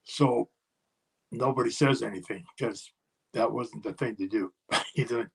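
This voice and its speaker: An older man, a former pro wrestler, telling a road story in a casual interview and acting out other people's yelling. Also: mid-range voice, measured pace. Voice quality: gravelly, husky.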